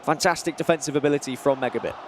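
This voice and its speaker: A man with a high voice gives color commentary on an esports football match. He talks in a chatty, analytical way about tactics and players. Faint noise runs under the recording. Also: very fast.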